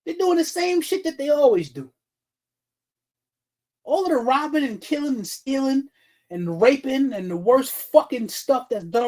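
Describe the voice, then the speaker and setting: A man's voice: high voice, a little mellow, poor audio. Blunt, profane man ranting on a livestream. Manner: talks to chat viewers by name. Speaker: livestream host. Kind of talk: livestream commentary rant.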